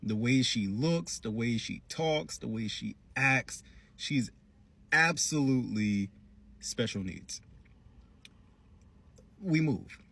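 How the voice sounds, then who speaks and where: A man giving a casual, slangy recap of a cartoon episode with animated storytelling. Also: medium pitch, takes it slowly, vocal fry, pauses often, slightly rough. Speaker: cartoon reviewer.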